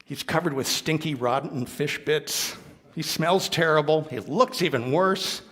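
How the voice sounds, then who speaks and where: A male minister telling a storytelling sermon in a playful, animated way in a worship hall. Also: a little high, measured pace. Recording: reverberant hall.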